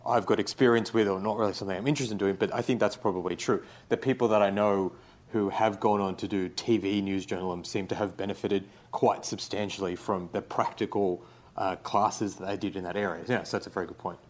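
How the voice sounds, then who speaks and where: A young Australian man, a writer being interviewed, talking in a relaxed, rambling way with lots of fillers. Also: fairly low pitch, fairly quick. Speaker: guest, writer. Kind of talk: casual interview.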